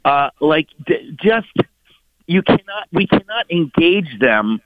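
A middle-aged man, a guest author on a radio talk show, speaking in an emphatic, mocking and animated way. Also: fairly high pitch, takes it slowly, dry recording. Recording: tinny phone-line sound.

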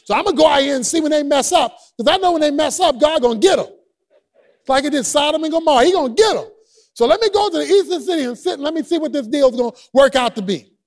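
A preacher plays a self-pitying prophet who whines and grumbles in loose slang. The voice sits high and swoops widely as he complains. He sounds put out and indignant. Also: animated, fast. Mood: spiteful. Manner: whiny, indignant, in casual street slang. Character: sulking, self-pitying grown male prophet.

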